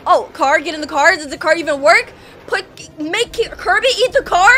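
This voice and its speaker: A woman giving excitable reaction commentary on a video, laughing often and exclaiming at the screen. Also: very high voice, moderate pace, slight background noise. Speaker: YouTuber reacting to animations.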